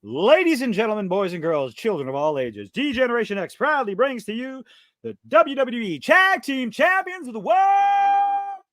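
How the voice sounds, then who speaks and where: A booming male wrestling ring announcer, as a man puts him on, stretching every word and shouting out the big intro. The voice is held back from the mic, with a dry sound. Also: big pitch swings, dry recording, exaggerated voice. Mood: hyped. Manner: drawn-out, shouted announcer delivery.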